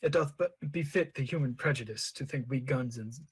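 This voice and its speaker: A man reading the inner thoughts of a clumsy-seeming alien who is secretly scheming, in slow, measured Shakespearean verse with a husky voice. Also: mid-range voice, voice pushed down, rough recording. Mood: brooding.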